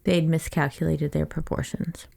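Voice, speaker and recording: Low, gravelly-voiced woman podcast host. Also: level tone, moderate pace, mellow. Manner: chatty, summarizing a plot with loose quoted asides. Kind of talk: casual book-club chat.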